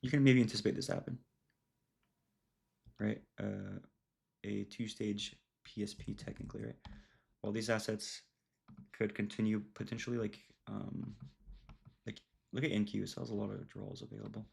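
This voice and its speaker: Gravelly young man chatting about trading. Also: lowish voice, level tone, normal speed, pauses often, darkish tone. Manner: loose, filler-heavy, says "dude" and "bro". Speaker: trading educator. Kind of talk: casual screen-share trading recap.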